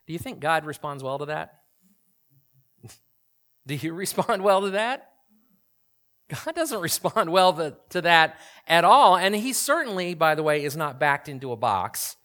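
A man's voice: a little high, very animated, measured pace, long pauses, fairly bright tone. A man in his forties preaching a sermon in a conversational way, often asking the audience questions. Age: 40s. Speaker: pastor.

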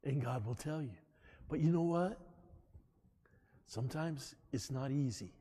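A middle-aged man preaching a sermon as pastor, animated, calling "Amen?" out to his congregation. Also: medium pitch, measured pace, slightly rough, long reverb tail. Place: church.

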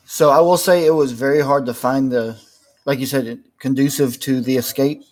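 A man's voice: mid-range voice, fairly even intonation, normal speed, darkish tone. A man from Mississippi, a podcast guest in casual chat, laid-back with dry humor.

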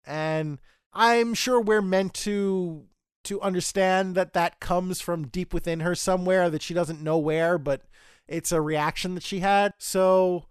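A man's voice: high voice, steady tone, a little slow, clear, resonant tone, no room sound, studio quality. A man hosting a podcast, recapping an episode casually and chattily, quoting characters as he goes and often restarting his phrases. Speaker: podcast host.

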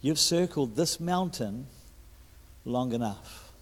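A man in his fifties with a New Zealand accent, preaching a sermon as a guest speaker, stumbling over restarts and swinging between loud and hushed delivery. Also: mid-range voice, animated, slow, breathy edge. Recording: echoey hall.

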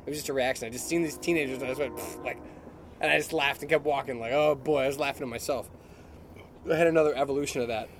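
A man's voice: mid-range voice, fairly even intonation, very fast, slight background noise. A middle-aged man telling a story in casual chat, laughing often and mimicking other people's voices. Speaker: podcast co-host.

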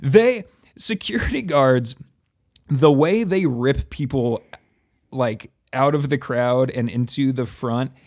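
A man's voice: mid-range voice, slow, darkish tone. A man co-hosting a podcast in casual chat, rambling through his thoughts. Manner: rambling, lots of "like" fillers. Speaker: podcast co-host.

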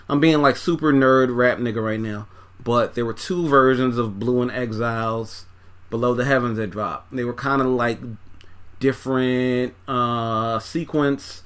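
A man talks through an album one song at a time, handing out scores in a relaxed, rambling way. His speech is loose and profane and full of fillers and restarts. He sounds like he is folding laundry as he goes. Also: mid-range voice. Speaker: music reviewer. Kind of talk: casual track-by-track album review.

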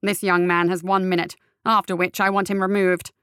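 Pompous guild officer guy, slow haughty drawl, louder, a woman reading him. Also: on the low side, level tone, clear, resonant tone, no room sound, clean studio sound, close to an everyday voice.

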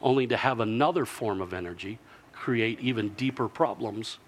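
A man preaching a sermon, telling a story with lively delivery and answered by the congregation. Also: fairly low pitch, moderate pace, husky. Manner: lively storytelling, acting out villagers in character.

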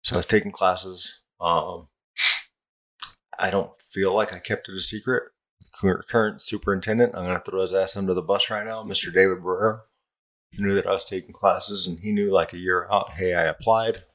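A man's voice: deep voice, little pitch movement, fairly quick, a bit bright. A middle-aged man, a fire captain, telling his story in a blunt, profane, self-mocking way in a casual interview. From Southern California.

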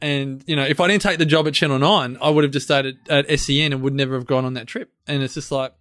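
A man with an Australian accent, telling an animated personal story in casual chat and acting out the people in it. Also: fast, no room sound, clean studio sound. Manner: animated, acts out quotes in high voices. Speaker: podcast co-host.

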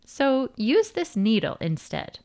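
A woman doing a gentle old father. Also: fairly high pitch, sing-song, slow pace, vocal fry, full character voice. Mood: thoughtful. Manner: thoughtful, gentle. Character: gray-haired old Japanese father, gentle.

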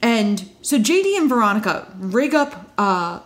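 A woman's voice: a little high, big pitch swings. Chatty woman recapping with wry asides. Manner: chatty, wry asides, quick quoted voices. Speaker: podcast co-host recapping a TV episode. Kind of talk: casual recap chat.

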